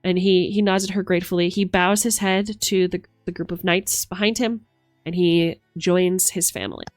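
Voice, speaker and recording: A woman's voice: lowish voice, normal speed, no room sound, studio quality, faint music behind. A woman running a tabletop game, narrating scenes in a chatty, descriptive way with many fillers. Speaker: game master.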